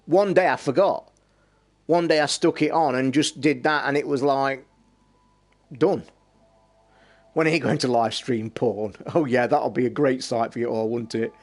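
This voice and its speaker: A middle-aged man with an East Midlands accent talks live to his viewers in a blunt, sweary way. His voice sits at an ordinary pitch for a man, and he flares up quickly when pushed. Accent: East Midlands English. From England. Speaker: live streamer. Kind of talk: casual live-stream chat.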